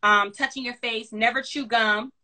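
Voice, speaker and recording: A woman career advisor giving interview tips in a fast, animated, sassy casual chat. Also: fairly high pitch.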